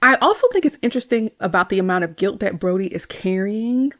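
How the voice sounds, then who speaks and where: A woman's voice: medium pitch, expressive, brisk, a bit bright. A woman hosting a podcast, chatting casually about a movie, with a lot of "like" and frequent laughs. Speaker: podcast host. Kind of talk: casual movie review chat.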